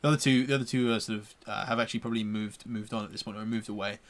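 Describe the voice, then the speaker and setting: Man, game master, tabletop narration, halting, lots of restarts. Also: lowish voice, steady tone. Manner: halting, many restarts and fillers.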